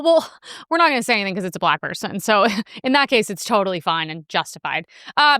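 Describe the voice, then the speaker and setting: A young woman hosts her own commentary show, delivering sarcastic, rambling takes full of fillers. Her voice sits a little high, with a bright, smooth tone, and her pitch swings widely as she talks. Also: no echo, studio quality. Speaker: host. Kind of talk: casual commentary reacting to news clips.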